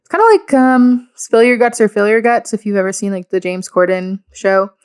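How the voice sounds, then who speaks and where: A woman's voice: mid-range voice, normal speed, darkish tone, clean tone. A young woman co-hosting a podcast, giggly and playful in casual chat. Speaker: podcast co-host.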